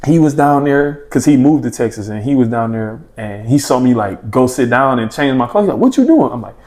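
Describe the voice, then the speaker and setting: A young man chatting casually as a podcast guest, telling stories in an animated, slangy way and acting out his own past thoughts and his friends' reactions. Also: medium pitch, a little fast. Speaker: podcast guest, former junior college basketball player. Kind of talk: casual storytelling in a podcast chat.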